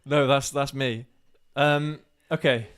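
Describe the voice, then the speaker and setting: A man's voice: medium pitch, steady tone, takes it slowly, a bit bright, clean tone. A man with an English accent co-hosting a casual live stream, laughing often and mocking himself with many stumbling restarts.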